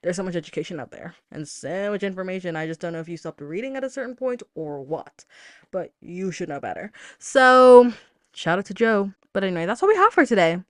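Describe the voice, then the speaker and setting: A woman's voice: fairly low pitch, big pitch swings, fast talker, dry recording. Chatty woman on a dry mic. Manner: chatty, exasperated, talks straight to listeners. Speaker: podcast host. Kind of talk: casual solo commentary podcast.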